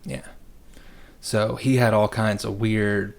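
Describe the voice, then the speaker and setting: A man's voice: on the low side, little pitch movement, takes it slowly, creaky. A young adult man co-hosting a podcast, telling rambling stories in casual chat and acting out the people in them. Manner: rambling anecdotes, acts out quoted people. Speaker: podcast co-host.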